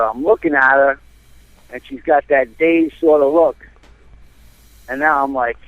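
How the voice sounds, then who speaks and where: A man from New Jersey, calling in and telling a rambling, animated story with lots of fillers. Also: mid-range voice, unhurried, long pauses, no room sound. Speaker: caller. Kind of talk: casual storytelling. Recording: tinny phone line.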